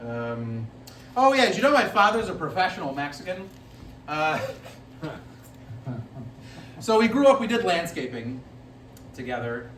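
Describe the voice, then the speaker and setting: Man, stand-up comic, rambling and loose, laughs at own jokes, high lively voice, echoey distant room. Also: measured pace, pauses often, slight background noise. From Italian-American family. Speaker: stand-up comedian. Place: live comedy venue, heard from the stage.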